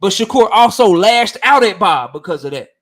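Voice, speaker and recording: A man's voice: sits high, animated, normal speed. A man hosting a boxing livestream and reading chat, talking bluntly and profanely, heated and repeating himself. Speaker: boxing channel host.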